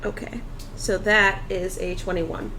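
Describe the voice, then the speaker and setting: A woman's voice: medium pitch, fairly even intonation, a little slow, sharp tone, slight background noise, rough recording. A woman playing a tabletop game casually, making dry, matter-of-fact remarks. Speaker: player.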